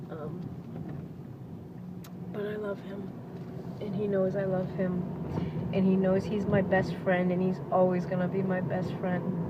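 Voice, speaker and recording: A woman with a slightly low voice records a heartfelt personal video diary. She is fighting back tears as she talks. The audio is dull and lo-fi, with loud vehicle noise behind her. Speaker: vlogger.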